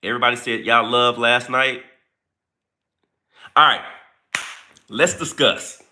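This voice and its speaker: A man hosting a casual livestream, chatting playfully and greeting viewers by name in relaxed, informal speech. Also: mid-range voice, slow. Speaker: livestream host greeting chat.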